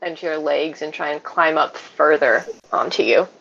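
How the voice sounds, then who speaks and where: A woman running a tabletop game as game master, narrating the scene in an unhurried way with fillers. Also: deep voice, creaky, fairly bright tone. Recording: dull lo-fi mic.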